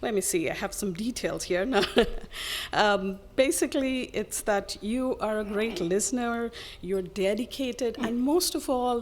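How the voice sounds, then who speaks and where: A woman's voice: mid-range voice, darkish tone, slight background noise. A woman speaking at public comment in a community hall, full of praise and often laughing.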